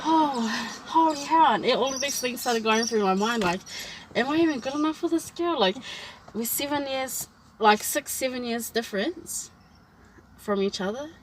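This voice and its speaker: A woman's voice: on the high side, moderate pace, a little hiss or hum, rough recording. A woman, telling a personal story in a casual chat and acting out what people said. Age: 20s. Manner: animated storytelling, acts out quoted lines. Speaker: vlog host.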